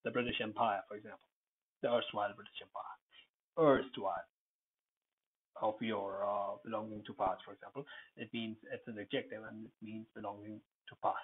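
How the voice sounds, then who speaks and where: A man teaching English pronunciation, repeating each word slowly and spelling out its letters. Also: fairly low pitch, little pitch movement, husky, phone-quality sound. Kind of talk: pronunciation lesson.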